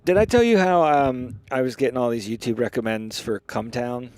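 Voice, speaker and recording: A man's voice: mid-range voice, normal speed, darkish tone, dry recording. A man co-hosting a casual comedy podcast, rambling and joking, laughing often as he talks. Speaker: podcast co-host.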